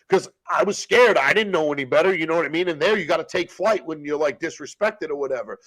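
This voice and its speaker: A man's voice: a little high, quick pace, few pauses, fairly bright tone, no echo, poor audio. A man in casual chat, telling stories with lots of swearing and acting out what others said. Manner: profane, storytelling, acts out quotes. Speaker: guest telling prison stories.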